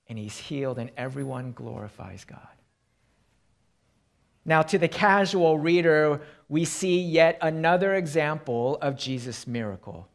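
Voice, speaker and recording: A male pastor delivers a sermon at an unhurried pace. He tells illustrative stories and sinks into a quiet tone for emphasis. His voice sits a little high for a man. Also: expressive, creaky.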